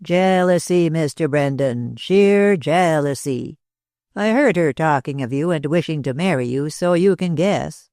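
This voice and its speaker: A man voicing a talkative older man with an American accent, speaking slowly and dryly in a drawl. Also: on the high side, animated, a little mellow, no echo. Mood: cool. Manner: drawling, slow and dry.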